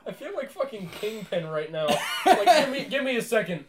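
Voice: mid-range voice, sing-song, fairly quick, a loud crowd. A young adult podcast co-host telling stories in casual, profane, teasing chat with frequent laughs.

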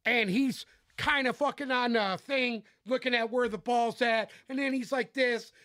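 A high-voiced man rants about football on a casual podcast, swearing freely and getting fired up. He is close on a dry mic with no room sound behind him. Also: steady tone, normal speed, sharp tone, dry recording. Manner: profane, fired-up ranting. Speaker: podcast co-host. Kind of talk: casual sports podcast chat.

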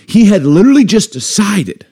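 A man in casual podcast chat, animated and theatrical as he acts out his own reactions. His pitch swings widely, and he speaks into a close studio mic. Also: moderate pace, husky. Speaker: podcast co-host.

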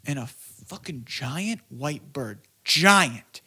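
A man telling a story as a podcast guest in casual chat, animated and full of swearing. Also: a little high, takes it slowly, breathy edge.

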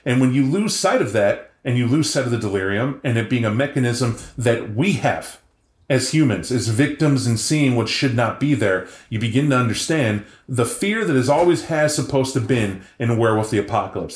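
A man talks casually and at length about tabletop role-playing lore, rambling and animated. His voice sits mid-range, and the recording is roomy and echoey. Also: medium pitch. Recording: echoey room.

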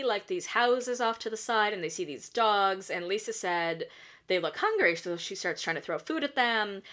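A woman with a bright, forceful, mid-range voice hosts a podcast, recapping reality TV in casual chat. She's chatty, laughs a lot, and swears freely.

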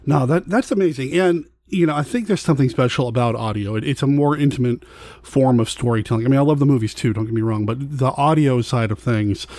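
A man's voice: medium pitch, fast talker, darkish tone, no room sound. A man hosting a podcast interview, enthusiastic and admiring toward his guest. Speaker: podcast host. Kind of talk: conversational interview.

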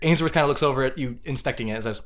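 A man acting as game master on a tabletop game podcast, playful and quick to laugh. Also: mid-range voice, a bit bright.

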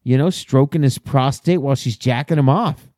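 A man's voice: medium pitch, moderate pace, darkish tone, dry recording, studio quality. A man co-hosting a crude casual chat, swearing constantly and joking as he tells news stories. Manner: profane, joking, storytelling. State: shivering from cold. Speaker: podcast co-host. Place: outdoors in the cold.

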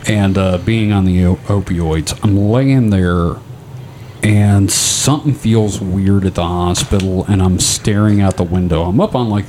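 A man's voice: on the low side, a little mellow, a little hiss or hum. A man co-hosting a podcast, telling a long rambling story in casual, profane chat. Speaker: podcast co-host.

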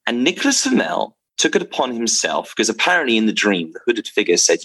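A man telling a story to camera about his drinks brand, rambling and excitable, with many restarts and fillers. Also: mid-range voice, quick pace, hardly any pauses, husky.

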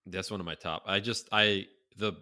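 Low-voiced man chatting in a rambling, profane way. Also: moderate pace. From North Carolina. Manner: rambling, profane, with animated quoted impressions. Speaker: podcast co-host. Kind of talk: casual chat.

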